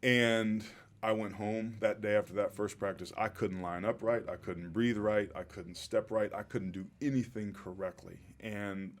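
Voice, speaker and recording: A man in his forties with a fairly low voice tells his life story as a podcast guest. He speaks in a reflective, heartfelt way and lets his emotion show. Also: fairly even intonation, moderate pace, hardly any pauses. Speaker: podcast guest, former pro football player. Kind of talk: interview storytelling.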